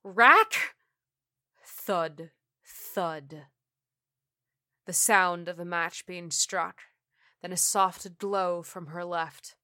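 A woman narrating a scripted horror story in a measured, deliberate reading. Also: on the low side, little pitch movement, bright, forceful tone, clean tone, dry recording, clean studio sound.

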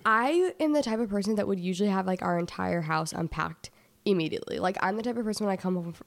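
A young woman co-hosting a podcast in casual chat, teasing and quick to laugh. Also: mid-range voice, vocal fry. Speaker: podcast co-host.

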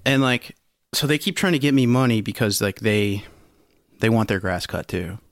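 A man's voice: on the low side, animated, normal speed. Swearing, rambling podcast guy. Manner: profane, rambling storyteller, laughs often. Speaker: podcast co-host. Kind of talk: casual podcast chat.

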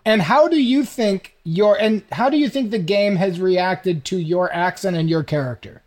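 A man's voice: sits high, moderate pace. Mock-serious man co-hosting a comedy podcast. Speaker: podcast co-host.

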